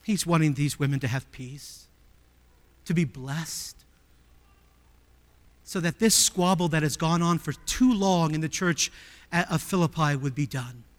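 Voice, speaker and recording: A male pastor preaching a sermon emphatically, with many rhetorical questions, swinging from loud appeals to hushed tones. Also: on the high side, a little slow, pauses often, big-room sound.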